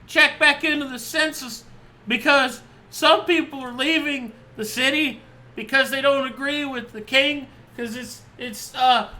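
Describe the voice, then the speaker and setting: A game master voicing a cheery, chatty male bard who wears a beast costume, rambling excitedly. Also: high voice, voice pushed up. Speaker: street bard and drug peddler.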